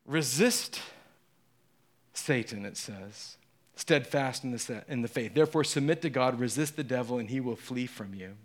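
A man's voice: medium pitch, moderate pace. A middle-aged male pastor preaching a sermon, telling the story dramatically and acting out the voices in quotes.

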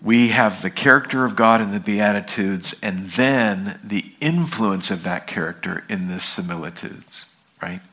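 A man's voice: on the low side, measured pace, bright, forceful tone. A man pastor teaching an evening sermon, reading scripture and asking the congregation questions in a conversational way.

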